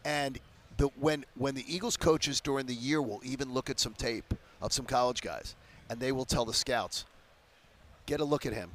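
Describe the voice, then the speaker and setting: A man in his fifties from the Philadelphia area, a sports radio guest telling stories with animated emphasis in a casual interview. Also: medium pitch, moderate pace, a little hiss or hum. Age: 50s.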